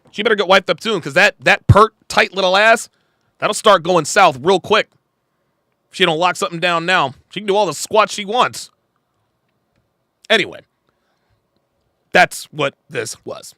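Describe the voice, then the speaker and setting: Crude, animated male podcast host. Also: sits high, moderate pace, creaky, no echo, clean studio sound. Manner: crude, blunt, ranting. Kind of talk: livestream commentary.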